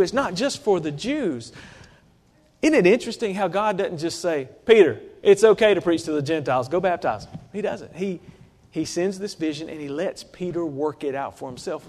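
A man preaching in a church sanctuary, his voice sitting high for a man. He keeps the sermon conversational and often turns to his listeners with rhetorical questions. The sound rings with a long reverb from the big hall. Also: a little mellow.

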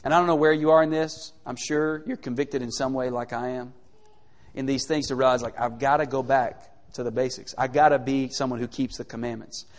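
With a mid-range voice and a slightly quick pace, a man preaches animatedly in a way that feels like conversation. Rhetorical questions come one after another, and the audio has a big-room sound.

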